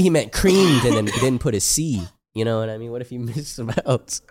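A young man in relaxed podcast chat, unhurried and loose. He laughs easily and swears casually while reading out comments. His voice sits at a middling, ordinary pitch. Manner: laid-back, laughs often, swears freely. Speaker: podcast co-host.

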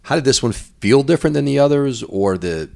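A man's voice: medium pitch, expressive, a little fast, creaky, darkish tone. A man hosting a podcast, asking probing, rambling questions in a conversational way. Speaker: podcast host and interviewer.

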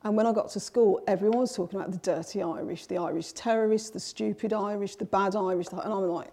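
A woman's voice: mid-range voice, fairly even intonation, quick pace, dark tone. A middle-aged woman author in an interview, telling her childhood memories in a reflective way with many restarts. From England. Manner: reflective storytelling with frequent restarts. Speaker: author, guest. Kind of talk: conversational interview.

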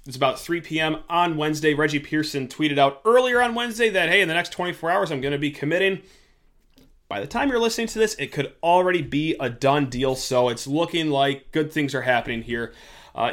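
A man's voice: a little high, fairly bright tone. A man hosting a sports podcast, talking casually and joking, sometimes with sarcasm. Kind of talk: casual sports talk commentary.

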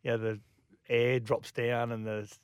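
Teasing radio co-host. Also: male voice, medium pitch, flat delivery, a little slow, smooth, dry recording, studio quality. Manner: teasing, chatty. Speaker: radio sports show co-host. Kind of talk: casual radio banter. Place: radio studio.

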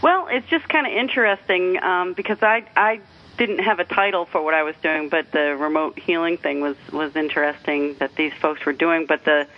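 A man from New Hampshire in the northeastern US calls in to a talk show over the telephone, his voice fairly high and moderately paced. He tells a personal story in a rambling way, with restarts and light laughs, and the phone line sounds tinny.

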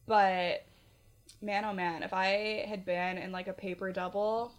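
A woman's voice: mid-range voice, little pitch movement, measured pace. A woman in her twenties, from Canada, co-hosting a casual podcast, chatty with many fillers and frequent laughter. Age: 20s. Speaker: podcast co-host.

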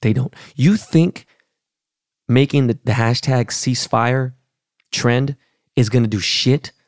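A middle-aged man from Los Angeles hosts his podcast in a blunt, heated, profane rant. His voice carries a gravelly fry at mid pitch. The sound is close and dry, with no room around it. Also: slow pace, no room sound. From Los Angeles, California. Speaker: podcast host. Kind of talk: casual rant.

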